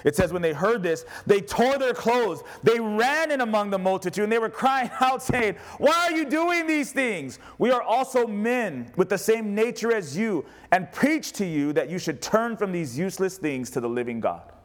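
In a church sanctuary with a congregation responding, a pastor preaches a fervent, emphatic sermon built on repeated rallying phrases. His high voice is expressive, at normal speed with hardly any pauses.

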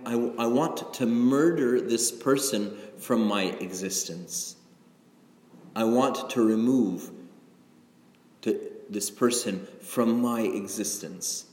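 A man's voice: on the low side, darkish tone. A middle-aged male pastor preaching a sermon in a conversational, confessional way, often checking in with "right?". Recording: echoey hall with long reverb.

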